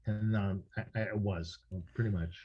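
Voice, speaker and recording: A man's voice: fairly low pitch, steady tone, a little slow, dull audio. Rambling male drummer telling stories. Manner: rambling anecdotes with many restarts and fillers. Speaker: interview guest, drummer. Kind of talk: casual storytelling interview.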